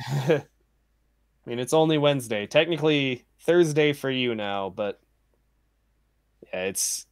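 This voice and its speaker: A man's voice: medium pitch, takes it slowly, long pauses, smooth. A man co-hosting a gaming stream, telling stories in a laid-back way, laughing often and swearing casually. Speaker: stream co-host.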